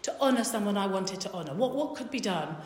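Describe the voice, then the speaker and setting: A woman's voice: medium pitch, expressive, fast, a little mellow, slight background noise, lightly acted. A woman voicing a generous, pleased male king in a retold story during a sermon. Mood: eager. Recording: echoey hall reverb.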